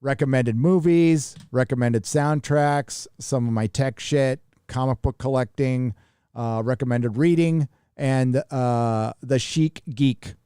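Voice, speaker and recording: A man's voice: medium pitch, slow pace, warm tone, clear, resonant tone, dry recording, clean studio sound. A man hosting a live stream, chatting casually and reading out viewer donations in a rambling, profane way. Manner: rambling, profane, reads chat donations aloud.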